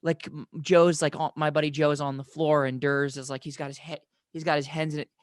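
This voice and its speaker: An eager man with a slightly higher voice, gushing and tripping over his own restarts as he hosts. The sound is dry and close, with no room around it. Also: fairly quick, no room sound. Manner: excitable, stumbling restarts, swears freely. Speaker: podcast host. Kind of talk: casual podcast chat.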